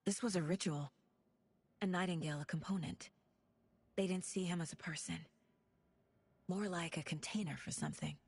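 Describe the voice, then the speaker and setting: An actress voicing a composed woman FBI profiler in video game dialogue, talking in a measured, analytical way. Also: on the low side, a little mellow, slightly rough, no room sound.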